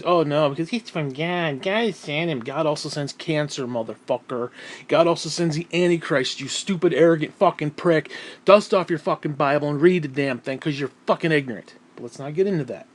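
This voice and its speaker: A man delivering an angry, profane vlog rant, irritable and sighing heavily between outbursts. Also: fairly high pitch. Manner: profane, irritable, heavy sighs. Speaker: vlogger. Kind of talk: angry ranting monologue.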